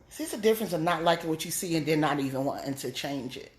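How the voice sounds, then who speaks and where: A woman comedian giving a blunt, scolding motivational talk, pushing her voice up high to drive points home. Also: lively intonation, quick pace, few pauses, echoey room, a little hiss or hum. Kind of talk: preachy motivational monologue.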